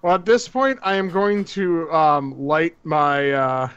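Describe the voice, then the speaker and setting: Brief: eager male player, high voice, slow and drawn out, muffled lo-fi audio. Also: fairly bright tone, clear, resonant tone. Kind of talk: tabletop game chat. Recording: dull lo-fi stream audio.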